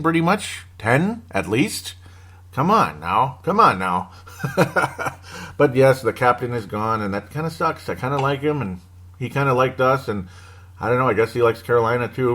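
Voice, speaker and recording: A man hosting a casual sports-talk show who rambles from point to point and cracks jokes. He drops wry asides and chuckles at his own lines. His voice sits at an ordinary middle pitch for a man. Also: a bit bright. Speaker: podcast host.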